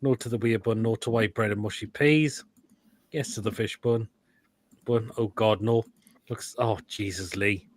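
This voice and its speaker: The host of a live football show speaks in a fairly low, steady voice, unhurried, with no room sound. Reacting to food pictures and reading comments, he fires off crude, blunt quips and bursts out loudly at times.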